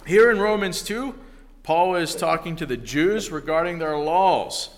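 Slow-speaking preacher in a hall. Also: male voice, on the high side. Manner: slow, deliberate storytelling. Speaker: pastor. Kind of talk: sermon.

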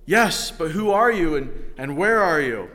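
A man voicing a desperate man stuck on a cliff, shouting and pleading for help. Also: on the high side, expressive, unhurried, long reverb tail.

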